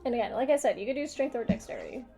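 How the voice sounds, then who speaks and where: A woman's voice: a little high, expressive, racing, creaky, dark tone. Casual young woman game master. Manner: casual, hesitant, many fillers. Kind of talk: narrating a tabletop game. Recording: faint music behind.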